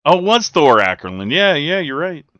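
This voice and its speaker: A middle-aged man co-hosting a podcast in casual chat, laughing along and answering with quick agreement. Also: on the high side, sing-song, fairly bright tone, no room sound, lo-fi sound. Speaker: podcast co-host.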